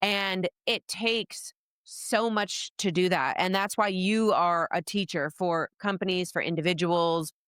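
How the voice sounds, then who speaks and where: A woman's voice: on the low side, steady tone, measured pace, a bit bright, clear, resonant tone, dry recording, clean studio sound. A woman hosting an interview podcast, asking thoughtful questions and reflecting back on her guest's words. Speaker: podcast host.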